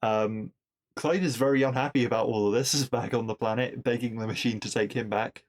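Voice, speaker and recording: A man hosting a podcast, recapping a TV episode in a chatty, enthusiastic solo talk with quick asides. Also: mid-range voice, fairly even intonation.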